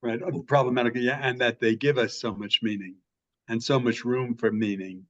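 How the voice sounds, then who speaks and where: A man in a class making casual comments, halting and repeating his words, with chuckles between remarks. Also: medium pitch, steady tone, no room sound. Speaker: class participant. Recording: dull, dry recording.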